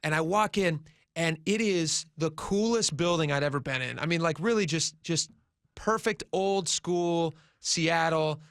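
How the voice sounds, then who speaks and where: A man's voice: a little high, unhurried, a bit bright, no room sound, studio quality. A man in his forties hosting talk radio, telling a long anecdote casually with plenty of fillers. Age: 40s. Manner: rambling anecdotal storyteller, many fillers. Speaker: radio host. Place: radio studio.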